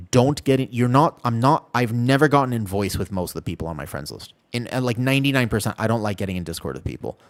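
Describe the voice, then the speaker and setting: A man streaming a game live, chatting casually and animatedly with his viewers, with keyboard typing behind him. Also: mid-range voice. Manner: chatty, animated, talks to chat by name. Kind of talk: casual live-stream chat while gaming.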